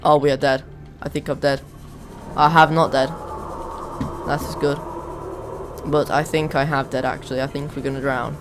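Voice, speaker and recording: A man's voice: medium pitch, little pitch movement, moderate pace. A young man giving casual let's play commentary, chatty and easily exasperated. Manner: chatty, exasperated, self-mocking. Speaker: gaming video host. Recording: voice over game audio and music.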